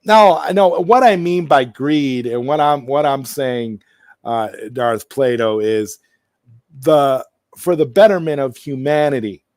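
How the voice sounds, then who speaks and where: A man's voice: medium pitch, a little slow, a little mellow, dry recording, studio quality. A man hosting a casual live stream, rambling through his points with many restarts and greeting viewers in the chat.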